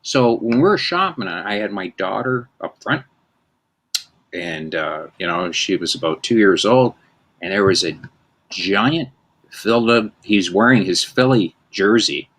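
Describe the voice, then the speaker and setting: A man's voice: fairly low pitch, expressive, a little slow, fairly bright tone. A man in his fifties, hosting a casual chat and telling rambling, self-mocking stories. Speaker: host.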